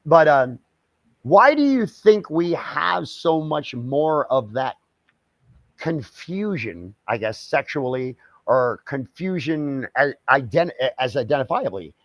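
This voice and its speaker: A man's voice: on the high side, dry recording. An older man co-hosting a casual podcast chat, rambling and swearing constantly, often laughing. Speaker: podcast co-host.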